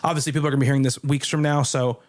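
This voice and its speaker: A man's voice: mid-range voice, little pitch movement, racing. A man co-hosting a casual film podcast, talking loosely with fillers and restarts. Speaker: podcast co-host.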